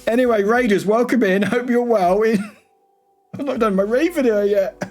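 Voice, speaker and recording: A man chatting casually to viewers on a live stream, excitable and quick to break into laughter. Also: very high-pitched, soft background music.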